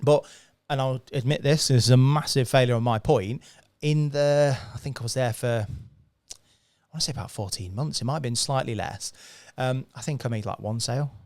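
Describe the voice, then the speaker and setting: A man tells stories on a podcast in a bouncy, animated way, often breaking into laughter. His voice sits in a middle pitch and is recorded close and dry, with no room sound. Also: moderate pace, dry recording. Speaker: podcast guest. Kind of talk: casual storytelling chat.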